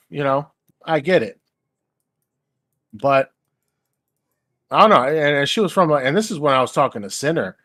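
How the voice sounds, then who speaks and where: A man's voice: mid-range voice, expressive, unhurried, pauses often, a bit bright, no echo, clean studio sound. A man hosting a stream, rambling in casual, crude chat and laughing easily. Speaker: stream host.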